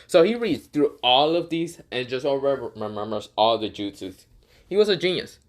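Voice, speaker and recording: A man's voice: medium pitch, lively intonation, normal speed. Man rambling through a fan story. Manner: rambling, laughing, swearing, filler-heavy. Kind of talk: casual fan-fiction storytelling.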